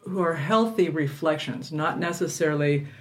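A woman's voice: deep voice, moderate pace. A woman hosting a podcast in casual chat, rambling and tagging her thoughts with "right?". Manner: rambling, with frequent "right?" tags. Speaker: podcast host. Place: guest's home, around a table.

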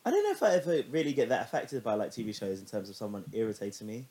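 Give me a fast, chatty man with an animated podcast manner. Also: on the low side, slightly rough. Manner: chatty, swears freely, animated storytelling. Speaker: podcast co-host. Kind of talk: casual chat.

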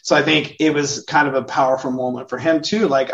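A man's voice: medium pitch, a little fast. A man from California in a casual film discussion on a podcast, animatedly acting out the people he quotes. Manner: animated, acts out quoted parents. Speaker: podcast co-host. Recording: dull lo-fi sound.

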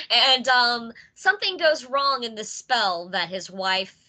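A woman's voice: a little high, slow, sharp tone. An American woman hosting a podcast, chatting casually about a movie and laughing often. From United States. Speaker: podcast host. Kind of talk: casual chat reviewing a movie.

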